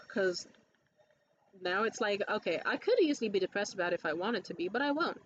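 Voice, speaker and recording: A woman's voice: mid-range voice, big pitch swings, fairly quick, highs cut off. A woman producing comedy shows, telling a blunt, profane story in a casual rant to camera.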